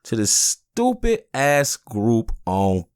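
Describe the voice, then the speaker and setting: A man's voice: mid-range voice, huge pitch swings, slow pace, a little mellow, clear, resonant tone. A man hosting a podcast, ranting angrily and swearing a lot, often asking "you know what I'm saying?". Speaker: podcast host. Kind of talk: casual ranting monologue.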